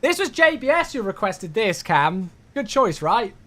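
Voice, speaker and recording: A man's voice: sits high, very animated, unhurried, bright, forceful tone. Chatty streamer guy. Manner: chatty, thanks viewers by name, hums along to music. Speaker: flight sim streamer. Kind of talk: casual live-stream chat.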